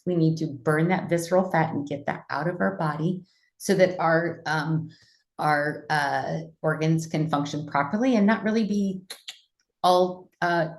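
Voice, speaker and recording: A woman's voice: deep voice, darkish tone, roomy sound. A woman hosting an online wellness class over a video call, explaining in an earnest, conversational way.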